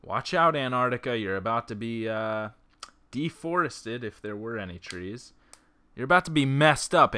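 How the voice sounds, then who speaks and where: A man reads an interactive story game aloud and keeps breaking off into joking side comments. His voice is bright and forceful, recorded on a laptop's built-in mic. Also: mid-range voice. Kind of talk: reading a text game aloud with joking asides.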